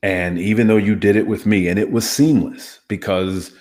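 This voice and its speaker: Speaking at a normal speed in a fairly low, steady, slightly mellow voice, a man who once negotiated hostage releases explains conversation techniques with emphasis. He demonstrates each one aloud as he teaches.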